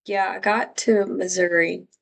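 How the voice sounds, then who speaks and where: Slow-talking woman chatting with viewers. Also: medium pitch, steady tone, gravelly, low-quality recording. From Louisiana. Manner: rambling, chatty, reads out viewer names. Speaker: live-stream host. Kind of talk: casual chat with viewers.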